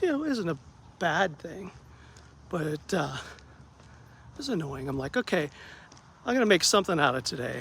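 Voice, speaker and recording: A man who works as a therapist, telling a story about his bad day in a casual vlog, acting out the dialogue with lively ups and downs. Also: fairly high pitch, gravelly, a little hiss or hum. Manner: animated, acts out quoted dialogue, self-deprecating.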